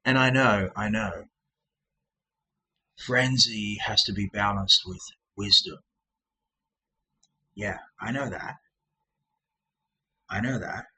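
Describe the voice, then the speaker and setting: A man ranting at his commenters in a mocking, sarcastic tone, breaking into shrill manic laughter. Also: steady tone, slow pace, long pauses, sharp tone, breathy edge, poor audio. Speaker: channel host.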